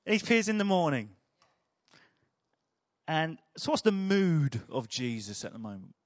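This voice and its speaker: A man's voice: fairly high pitch, sing-song, unhurried, no echo, clean studio sound. A man preaching a sermon in a chatty, humorous storytelling way.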